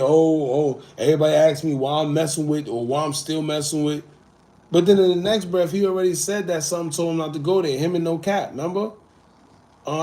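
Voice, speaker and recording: A man hosting a casual livestream, reading viewer comments and talking in a loose, animated way. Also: on the high side. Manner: laid-back, animated, swings between loud and muttered asides. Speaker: livestream host.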